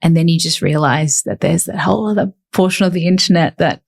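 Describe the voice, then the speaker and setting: A woman's voice: on the low side, fairly quick, creaky. Earnest young woman podcast guest. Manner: earnest, thoughtful, a little rambling. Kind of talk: casual interview chat.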